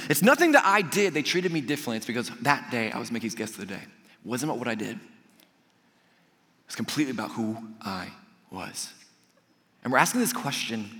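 A man delivers a sermon in a bright, forceful, fairly high voice, telling a story and acting out the voices of the people in it. His voice rings with a long reverb, as if filling a large hall. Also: sing-song, fast. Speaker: pastor.

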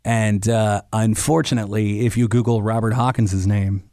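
A man who is a comedian guest, telling a story in casual chat as an animated storyteller who acts out the voices he quotes. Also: fairly low pitch, moderate pace, dry recording, clean studio sound.

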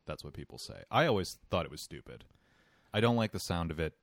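A man's voice: sits low, lively intonation, fast talker, vocal fry, no room sound, clean studio sound. A man co-hosting a podcast in casual chat, wry and teasing. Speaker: podcast co-host.

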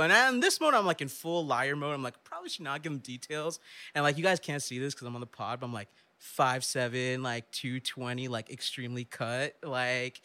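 A young man telling a lively story on stage, laughing often and acting out the voices of the people in it. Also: mid-range voice, moderate pace. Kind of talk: live storytelling.

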